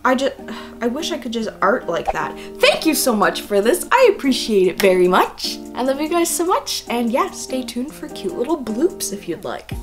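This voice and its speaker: This young woman narrates her vlog with giggly, gushing enthusiasm. Her voice sits somewhat high. A clear music bed plays beneath her voice-over. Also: big pitch swings, moderate pace. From Prince Edward Island, Canada. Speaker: fashion vlogger. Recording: music playing underneath.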